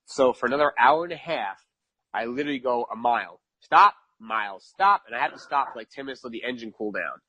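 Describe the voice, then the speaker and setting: A man from New York chats as a podcast guest, spinning a long story with lively emphasis. He often repeats phrases and laughs at his own bad luck. His voice sits in a middle pitch, and the recording is dry and close. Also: fast talker, husky, no echo, muffled recording. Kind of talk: casual storytelling.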